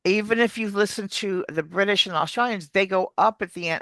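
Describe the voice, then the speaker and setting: A woman's voice: medium pitch, fairly quick, no echo. An American woman, an accent coach, explaining pronunciation in an interview and showing sounds as she goes. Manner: animated, demonstrates sounds while explaining. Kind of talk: explaining on a video call interview.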